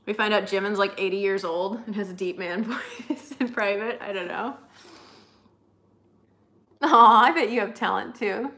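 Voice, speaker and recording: A woman's voice: medium pitch, moderate pace, long pauses, pushed and bright. A young woman co-hosting a live stream, chatting casually with viewers in a rambling way full of fillers.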